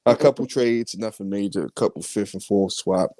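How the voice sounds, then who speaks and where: A podcast host with a low, mellow voice reads through his mock draft picks one by one in a casual chat. He speaks haltingly, with plenty of "uh" and "um" and the occasional cough. The sound is dry and close with no echo.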